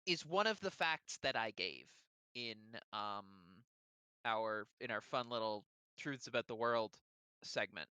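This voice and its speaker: A player in a tabletop game on a voice call, talking in an animated, hesitant way that often breaks off and restarts. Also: medium pitch, unhurried, smooth, dry recording, highs cut off. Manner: animated, hesitant, self-interrupting.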